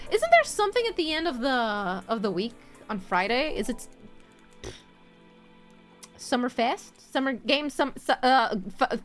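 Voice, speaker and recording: A woman streamer chats casually and playfully with her viewers, laughing often and swearing now and then. Her voice is fairly high and fairly bright.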